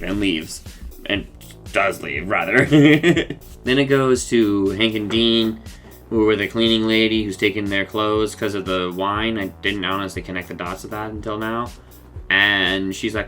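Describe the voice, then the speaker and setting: A man's voice: on the low side, a little slow, fairly bright tone, faint music behind. A man casually recapping a cartoon episode, rambling and acting out the characters' lines, laughing often.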